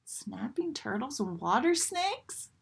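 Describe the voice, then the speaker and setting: A woman voicing a young boy who has become an eager little duckling, exclaiming with excitement. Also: high voice, takes it slowly, creaky, breathy edge, pitched above the performer's own voice, full character voice. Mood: wide-eyed.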